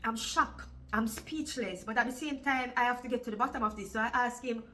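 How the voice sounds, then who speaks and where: Jamaican woman, 40s, vlogger; fairly high, bright, sharp voice, emotional storyteller. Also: a little fast, a little hiss or hum, rough recording. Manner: emotional retelling, repeats "like" often. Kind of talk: storytime vlog.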